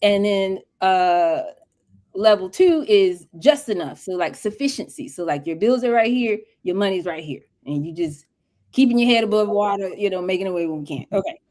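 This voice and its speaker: A woman's voice: mid-range voice, animated, normal speed, a little mellow. A woman speaking as a guest mentor on a livestream interview, talking in an emphatic, preachy, colloquial way over a video call.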